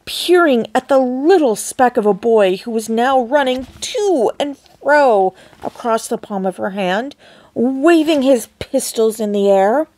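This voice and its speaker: Expressive woman reading a storybook. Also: a little high, measured pace, dry recording. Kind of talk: reading a children's novel aloud.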